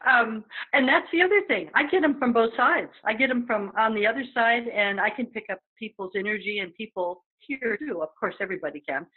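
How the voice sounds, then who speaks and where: A woman's voice: fairly high pitch, expressive, fairly quick, few pauses, slightly rough. A woman guest speaking as a psychic medium in a casual chat, talking freely with many fillers and acting out the voices she quotes. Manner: chatty, acts out quoted voices, frequent fillers. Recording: tinny phone-like line.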